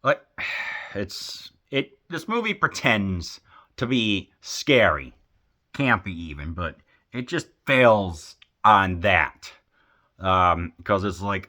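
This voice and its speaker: A man's voice: deep voice, very animated, slow pace, pushed and bright. A man casually reviewing a film, rambling and hesitant with many fillers and restarts, sounding befuddled and exasperated.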